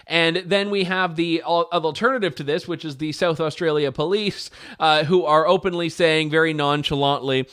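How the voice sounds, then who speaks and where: Male host, slightly higher voice, sarcastic opinion monologue. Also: a bit bright. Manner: sarcastic and incredulous, quick to mock. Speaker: talk show host. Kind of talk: opinionated political commentary.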